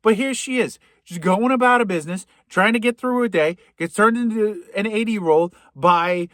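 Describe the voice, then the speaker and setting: A man's voice: high voice, normal speed, a bit bright, dry recording, clean studio sound. A man with a Boston accent doing a comedic, profane movie recap, full of sarcastic asides. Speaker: podcast host.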